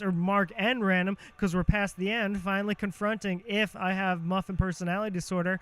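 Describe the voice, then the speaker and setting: High-voiced profane rambling man. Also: fairly even intonation, moderate pace, a bit bright, clean tone. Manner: profane, self-mocking, shifts cadence and pitch on purpose. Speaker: podcast host. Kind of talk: rambling monologue.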